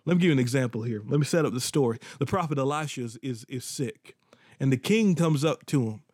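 A man's voice: medium pitch, lively intonation, fast talker, a little mellow, no echo, studio quality. A man preaching a sermon in an earnest way, often repeating and restarting words for emphasis.

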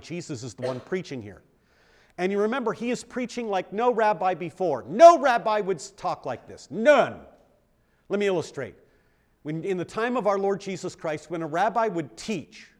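A man, a pastor, teaching a Bible study in a conversational way, often checking in with the group and poking fun at himself. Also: on the high side. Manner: self-deprecating humor.

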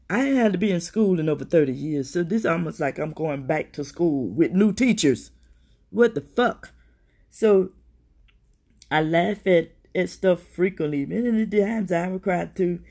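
A middle-aged woman hosts a podcast, speaking candidly and emotionally about her personal struggles, swearing freely and often addressing her listeners. Her voice is fairly low, mellow, and breathy-edged, with lively intonation and a slightly slow pace. It's personal, confessional talk.

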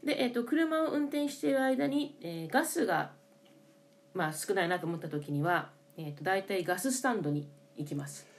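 A woman's voice: mid-range voice, expressive, rapid-fire. A Japanese woman co-hosting a language lesson, asking about words and repeating them back. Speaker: co-host asking questions.

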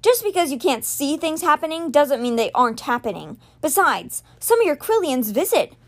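A woman's voice: sits high, very animated, moderate pace, voice pushed up. A woman voicing an angry, defiant young male wizard confronting his brother, bitter and heated.

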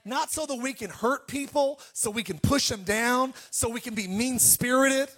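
High-voiced animated male pastor preaching. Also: moderate pace. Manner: animated storytelling, calls to the congregation. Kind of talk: sermon.

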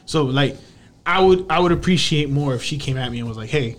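A young man hosting a podcast in a laid-back, storytelling chat, often quoting people in a softer, lower voice. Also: fairly quick, soft background music. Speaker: podcast host. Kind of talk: casual chat.

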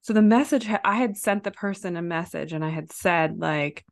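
A woman in casual chat, animatedly recounting a workplace mishap, her voice leaping high when she acts out her own outbursts. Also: moderate pace, creaky, few pauses. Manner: animated, jumps high when quoting herself; lots of fillers and restarts, laughs while telling.

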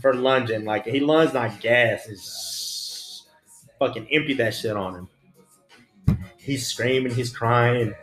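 With faint music and roomy echo in the background, an ex-prison officer speaks slowly in a mid-range, slightly bright voice, telling a story in casual, profane, no-nonsense street slang.

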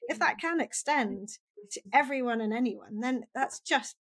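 Podcast host, woman, slightly high voice, affirming and conversational. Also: expressive, moderate pace, fairly bright tone. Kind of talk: conversational interview.

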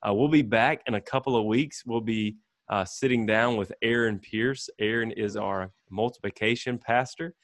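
A man's voice: lowish voice, moderate pace. A man from the Southern United States with a Southern accent, hosting a podcast in a friendly, teasing, encouraging way. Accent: Southern American. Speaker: podcast host. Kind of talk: casual interview.

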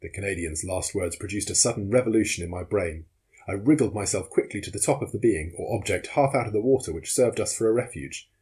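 A man reading a classic adventure novel aloud in measured, dramatic first-person narration. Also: fairly low pitch, mellow, husky.

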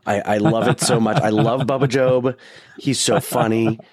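A man's voice: mid-range voice, fairly even intonation, normal speed, a little mellow, no echo, clean studio sound. A man co-hosting a podcast in casual chat, joking and poking fun at himself. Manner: joking, self-deprecating banter with many restarts. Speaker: podcast co-host.

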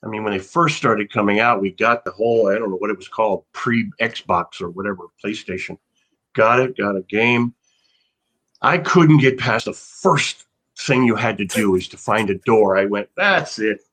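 A man's voice: on the low side, a bit bright. An older man, an actor guest, telling anecdotes in a casual interview, rambling with frequent restarts. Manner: rambling, restarts often, laughs.

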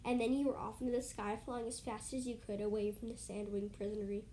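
A woman reads her own fan-written adventure story aloud in a fairly high voice. Her delivery is casual and unpolished, with the odd restart and self-correction. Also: little pitch movement, quick pace, mellow, slight background noise. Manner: casual, restarts and corrects lines while reading. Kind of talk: reading a second-person fan story.

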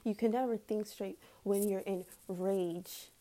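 A woman's voice: medium pitch, fairly even intonation, measured pace, warm tone. A woman ranting heatedly in a casual vlog, swearing often and breaking into nervous laughs.

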